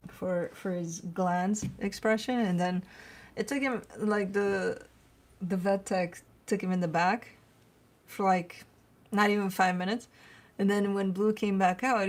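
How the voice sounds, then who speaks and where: A woman hosting a tarot channel, chatting casually at home, swearing freely and cooing at her dog. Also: mid-range voice. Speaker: tarot reader and channel host. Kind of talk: casual chat to camera.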